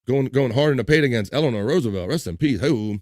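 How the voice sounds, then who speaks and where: A man's voice: mid-range voice, animated, quick pace, a little mellow, faint music behind. A man hosting a casual livestream, joking around and reading viewer comments aloud. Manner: upbeat, jokey, reads chat messages aloud. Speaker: livestream host.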